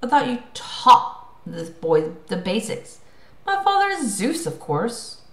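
A woman's voice: on the high side, wildly swooping pitch, slow, fairly bright tone, pitched above the performer's own voice, exaggerated voice. A woman voicing a bored, sarcastic male wine god in an audiobook, drawling and scornful. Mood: pouting. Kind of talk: audiobook character voice. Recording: roomy echo.

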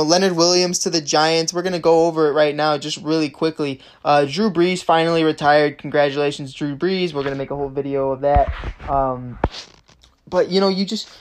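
A young adult in their twenties hosting a sports podcast, ranting in frustration and swearing constantly as a fan. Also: medium pitch. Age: 20s. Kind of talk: casual sports podcast rant.

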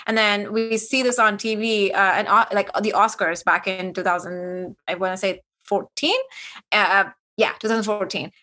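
A young adult woman from Kuwait, a podcast guest telling her personal story in a lively way, acting out quoted dialogue. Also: medium pitch, normal speed. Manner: animated, acts out quoted dialogue.

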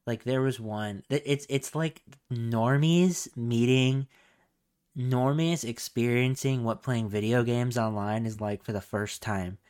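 A man's voice: mid-range voice, fairly even intonation, a little slow, a little mellow, clear, resonant tone. A young man co-hosting a loose, foul-mouthed podcast conversation. He laughs often and drops into mocking impressions of other people. His voice sits in an ordinary middle range. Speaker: podcast co-host. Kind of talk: casual podcast chat.

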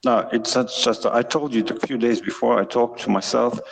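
A man's voice: medium pitch, fairly even intonation, moderate pace, creaky. A man in casual chat, hesitant, often restarting and searching for words, on a headset mic.

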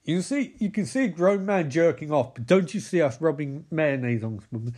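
A man giving excitable, sweary running commentary over a movie. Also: fairly high pitch, normal speed. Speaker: movie riffer. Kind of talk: live profane movie riff commentary.

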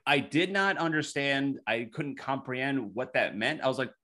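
Bright-voiced man telling stories. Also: mid-range voice, expressive, normal speed. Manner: profane, storytelling, mimics voices in quotes. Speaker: podcast co-host. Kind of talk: casual podcast banter.

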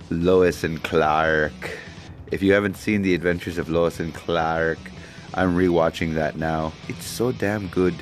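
A man hosting a solo podcast, talking in a loopy, wandering, jokey way. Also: deep voice. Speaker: podcast host. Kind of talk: rambling solo podcast chat.

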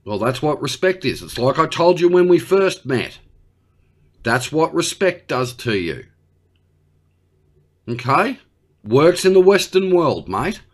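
Brash Australian man, lively pitch. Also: takes it slowly, pauses often. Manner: brash, blunt, slangy, talks to an unheard partner. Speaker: comedy podcast host. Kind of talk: one-sided comedic conversation.

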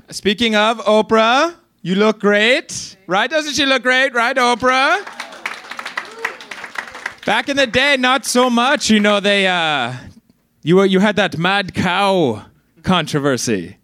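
A man doing a high, bright Gandhi in a wobbly accent. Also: expressive, takes it slowly, no echo, full character voice. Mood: cocky. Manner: mangled put-on accent, brash jokes, giggles at own lines. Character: Gandhi, roasting others in a put-on accent. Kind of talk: stand-up roast set. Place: comedy stage.

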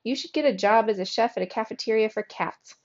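A woman's voice: a little high, fast, close to an everyday voice. Woman reader as a fussy male mouse hero, flustered exclamations, storybook voice, muffled lo-fi audio. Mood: indignant.

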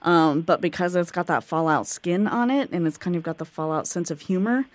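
A woman hosting a gaming podcast, talking in a relaxed, soft-spoken way with hedging fillers. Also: fairly low pitch, fairly quick, no room sound. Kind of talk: casual chat.

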